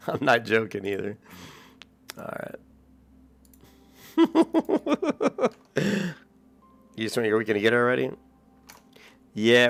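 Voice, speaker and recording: A young adult man streaming a game, chatting casually with viewers, rambling and swearing lightly between chuckles. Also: lowish voice. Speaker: gaming streamer. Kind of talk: casual gameplay chat with viewers.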